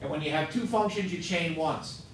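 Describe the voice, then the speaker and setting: A man's voice: a little high, normal speed, slight background noise. A male math teacher lecturing a class, quizzing students with upbeat joking asides. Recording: echoey classroom, mic far off.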